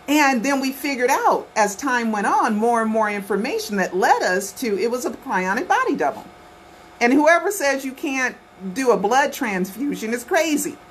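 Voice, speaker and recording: Speaking with a high-leaning, expressive voice at moderate speed, this conspiracy documentary vlogger addresses her camera from home. She's insistent and repetitive, peppering her casual talk with "okay" and "right," and there's a little background noise.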